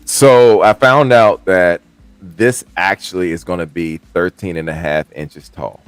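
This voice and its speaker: A man's voice: low-pitched, a little slow, smooth, faint music behind. A man on a casual panel chat, explaining details in a matter-of-fact way. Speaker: panel guest.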